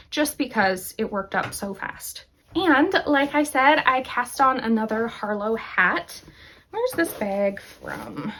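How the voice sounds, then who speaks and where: Chatty, bright-voiced woman knitting host. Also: a little high. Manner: chatty, enthusiastic, laughs often. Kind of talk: casual show-and-tell chat.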